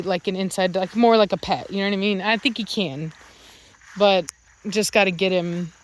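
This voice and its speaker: A woman from Virginia who breeds dogs, talking casually at home about her puppies and their training. Her voice sits at an ordinary middle pitch. She rambles with fillers and switches into sing-song baby talk when praising the dogs. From Virginia, United States. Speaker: dog breeder.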